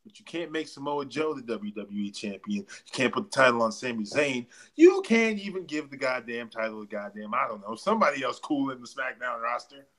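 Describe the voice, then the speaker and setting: A man co-hosting a casual podcast chat, ranting loudly and joking as he talks. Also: medium pitch, animated, fairly quick, hardly any pauses. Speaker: podcast co-host.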